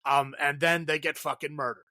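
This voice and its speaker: A male podcast co-host chats loosely about a film, swearing, laughing often and saying "like" a lot. His voice sits on the high side with a sharp tone and little pitch movement, at normal speed in a dry recording.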